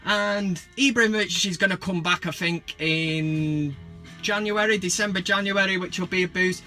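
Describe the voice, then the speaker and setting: A man's voice: high-pitched, normal speed, soft background music. A man, ranting about football in a sarcastic, sweary, comic way. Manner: sweary, sarcastic, bursts of mock excitement. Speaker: football vlogger. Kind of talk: casual comic rant.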